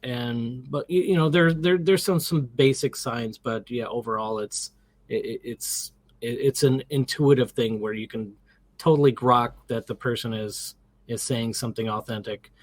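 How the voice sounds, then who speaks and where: A man's voice: medium pitch, steady tone, normal speed, dry recording. A middle-aged man as an interview guest, telling a story casually and animatedly, acting out the quotes and restarting his sentences often.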